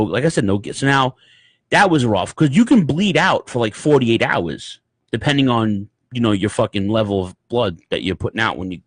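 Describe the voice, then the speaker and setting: A man's voice: mid-range voice, no room sound. Guy on a podcast telling a story, swears a lot, does little voices, dry close sound. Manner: profane, animated storyteller, acts out voices. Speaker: podcast co-host. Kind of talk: casual podcast chat, storytelling.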